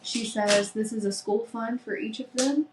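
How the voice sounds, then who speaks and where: A woman co-hosting a casual book review chat, excitedly retelling scenes and swearing freely. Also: fairly high pitch, normal speed, roomy sound, background noise. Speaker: podcast co-host.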